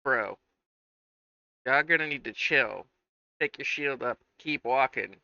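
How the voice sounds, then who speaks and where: A brash, blunt man playing a tabletop game, his voice strikingly bright and sharp. It comes through a dull, dry mic. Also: mid-range voice, slow pace, creaky, no echo. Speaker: player. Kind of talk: casual chat.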